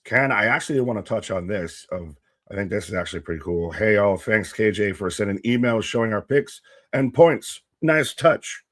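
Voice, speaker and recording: On this live wrestling watch-along stream, a co-host with a lowish voice sounds animated at a normal speed as he jokes and reads out viewers' names and shout-outs. The recording is dry and studio-clean.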